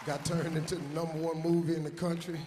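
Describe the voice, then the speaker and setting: Loud, shouting middle-aged comedian. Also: male voice, a little high, completely flat delivery, fast, crowd noise, background noise. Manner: loud, profane, often shouting. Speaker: stand-up comedian. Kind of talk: stand-up comedy storytelling.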